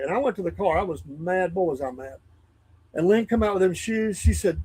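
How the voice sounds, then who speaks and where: Older man telling animated stories. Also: high-pitched, brisk, husky, poor audio. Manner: animated storyteller, voice rising when riled. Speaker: co-host. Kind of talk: casual chat.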